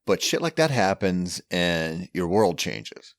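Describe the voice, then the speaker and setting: A man hosting a podcast, chatting with his guest in a relaxed, casual way. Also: low-pitched, slow, no echo, clean studio sound. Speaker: podcast host. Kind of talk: casual interview chat.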